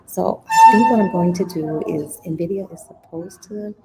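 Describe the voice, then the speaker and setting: A woman's voice: lowish voice, huge pitch swings, moderate pace, vocal fry, loud music behind the voice. A woman hosting a casual live-stream chat about money from a busy store, talking in a chatty way and sometimes dropping to a whisper. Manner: chatty, drops to a whisper at times. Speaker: host of a money and investing channel. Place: inside a busy computer store. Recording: noisy store background. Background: store ambience and chatter.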